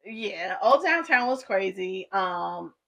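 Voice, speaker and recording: A woman from Detroit co-hosts a podcast and steers its topics, readily agreeing with her partner. Her voice has an ordinary middle pitch and an easygoing conversational tone. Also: sing-song, vocal fry, bright, forceful tone. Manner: agreeable, leads topics, quick to affirm. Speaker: podcast co-host. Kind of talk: casual chat.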